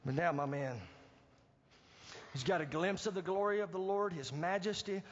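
High-voiced husky preacher, echoing hall. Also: male voice, moderate pace. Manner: dynamic preaching, swings from loud to hushed; acts out quoted pleas in a higher voice. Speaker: pastor. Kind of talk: sermon. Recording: dull lo-fi sound, long hall reverb.

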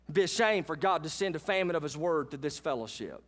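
A high-voiced man delivers a sermon in a church. He moves between chatty, folksy remarks to his congregation and animated preaching. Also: fast, hardly any pauses. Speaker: pastor. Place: church sanctuary.

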